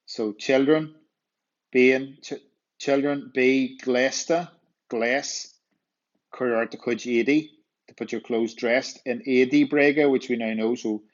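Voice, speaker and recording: A male teacher with a Northern Irish accent, slowly walking students through vocabulary and repeating words to drill them. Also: mid-range voice. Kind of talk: walkthrough lesson explaining vocabulary. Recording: dull lo-fi voice recording.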